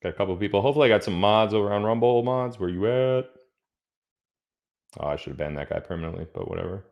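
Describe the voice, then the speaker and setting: A man hosting a live stream in loose, rambling chat, cracking jokes between asides. His voice is deep and low. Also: very fast, creaky, a little mellow. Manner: rambling and joking, reading out viewer locations. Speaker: livestream host. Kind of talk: casual livestream chat.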